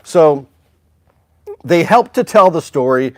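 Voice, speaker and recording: Male livestream host, fairly high voice, upbeat and chatty, dry close sound. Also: expressive, slow, dry recording. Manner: upbeat, chatty, talks to viewers by name. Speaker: music store livestream host. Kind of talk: casual livestream chat. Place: indoor music store.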